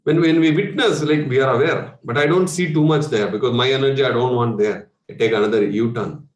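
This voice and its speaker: This man, speaking Indian English, leads a spiritual workshop as a meditation coach, keeping it conversational with rhetorical questions and the odd chuckle. His voice is mid-range and a little quick, and the room echoes.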